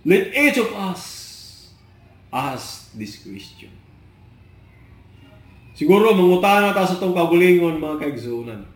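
High, lively Filipino man preaching. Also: a little slow, long pauses, roomy sound. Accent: Filipino, Cebuano. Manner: switches between English and Cebuano, trails off softly at line ends. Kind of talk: sermon.

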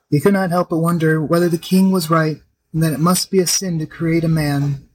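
A man narrating a folk tale in a steady, expressive reading. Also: a little high, brisk, rough recording. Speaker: storyteller. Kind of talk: scripted storybook narration.

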